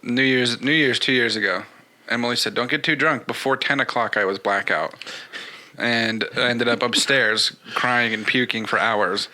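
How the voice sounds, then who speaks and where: A man's voice: mid-range voice, steady tone, moderate pace, bright, forceful tone, rough recording. A man co-hosting a casual podcast with his brothers, sheepish and laughing at himself. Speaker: podcast co-host. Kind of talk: casual chat among brothers.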